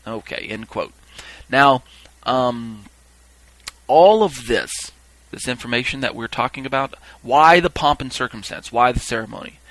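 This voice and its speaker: A man's voice: mid-range voice, expressive, a little slow, a bit bright, dry recording, rough recording. A man teaching a Bible lesson for a podcast, explaining as he goes, often checking in with listeners and using fillers.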